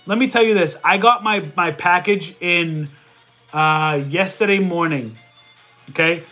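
A loud, energetic man hosts a casual livestream and answers his viewers' questions as they come in. His voice sits high and bright, and he talks the numbers through out loud. Faint music plays behind him. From Italian heritage. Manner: loud and energetic, says he yells. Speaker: livestream host answering chat.

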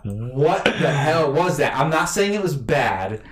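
A man's voice: a little high, big pitch swings, measured pace, echoey room, a crowd in the background. A man casually chatting about movies as a podcast co-host, rambling with lots of fillers and restarts.

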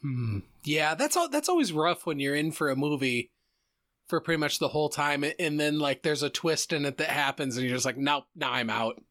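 A man's voice: on the high side, animated, brisk, fairly bright tone. A man co-hosting a podcast in casual chat, wry and joking, laughing along. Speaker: podcast co-host.

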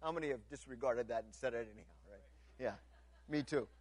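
A man preaching a sermon as pastor, repeating words as he restarts and moving from loud, lifted passages to hushed ones. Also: mid-range voice, fast talker.

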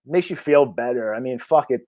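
A man talking about his film work in a loose, casual interview. His voice sits at an ordinary pitch, and he swears a lot and restarts his sentences. The sound is close and dry. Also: normal speed, no echo. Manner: blunt, swears freely, energetic, rambling with restarts. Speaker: indie horror filmmaker.

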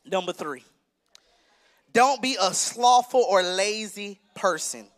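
High-voiced, bright emphatic male preacher. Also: slow pace. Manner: emphatic preaching, rising to shouts, conversational asides. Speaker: minister preaching. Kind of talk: sermon.

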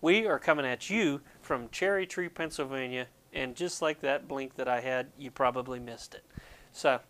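Here the man talks at a moderate pace in a medium-pitched, slightly bright voice. He hosts a laid-back devotional for viewers from Pennsylvania, wandering off topic and making fun of himself.

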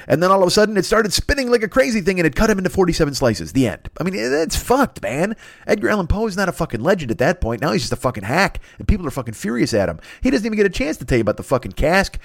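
Fast-rambling profane man in his fifties. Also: fairly high pitch, big pitch swings, vocal fry. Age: 50s. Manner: profane, riffing, acts out silly voices. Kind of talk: rambling comedic monologue.

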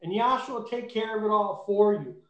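A man's voice: high voice, fairly quick, a bit bright, highs cut off. A man preaching a sermon in an emphatic way, rising to fervent peaks. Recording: echoey room.

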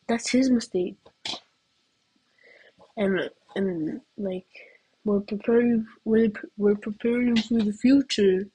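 A teenage girl rambles through a casual comedic rant, full of fillers and giggles. Her voice is soft and breathy, her pace slow and drawn out, and her pitch sits in an ordinary middle range. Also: rough recording. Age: teens. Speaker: student.

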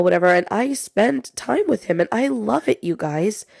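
A woman's voice: on the low side, fast, gravelly, few pauses, a little mellow, no room sound, studio quality. A young woman hosting a podcast, talking casually and confidingly to listeners while she is sick. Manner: chatty, confiding, says "you guys" often. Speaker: podcast host.

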